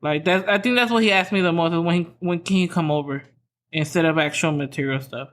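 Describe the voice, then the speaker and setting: A woman's voice: lowish voice, fast talker. Chatty woman telling family stories. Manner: chatty, rambling, lots of "like", acts out quotes. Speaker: podcast host. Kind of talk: casual storytelling monologue.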